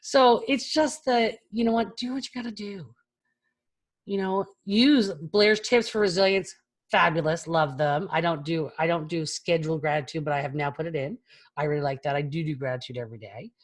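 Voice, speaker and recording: Woman in her forties, candid keynote talk, chatty and frank, casual swearing, slightly low voice, video call sound. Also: normal speed. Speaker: keynote speaker. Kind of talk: candid talk to an online audience.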